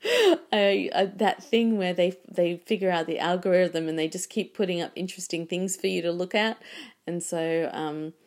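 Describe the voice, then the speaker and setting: A woman's voice: lowish voice, animated, moderate pace. A woman talking casually and reflectively, rambling with many restarts. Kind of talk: casual conversation.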